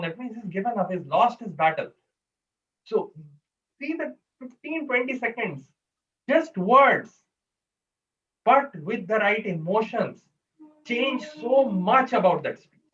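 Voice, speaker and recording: High-voiced man coaching speakers. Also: a bit bright. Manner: coaching, asks audience questions. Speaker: workshop presenter. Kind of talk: online speaking workshop. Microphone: video call. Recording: distant, dull video-call audio.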